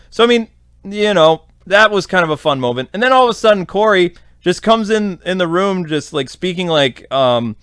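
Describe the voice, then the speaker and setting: Podcast host, man, somewhat high voice, rambling casual recap, very dry sound. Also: lively intonation, moderate pace, a bit bright, clean tone, no room sound. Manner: rambling, filler-heavy.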